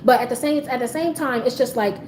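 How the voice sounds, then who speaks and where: A woman with a fairly high voice chats to her live audience in a casual storytime. She is animated, swears freely and breaks into laughter. Her voice bounces around an echoey room, with a faint hiss of noise behind it. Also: brisk. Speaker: livestream host telling a story.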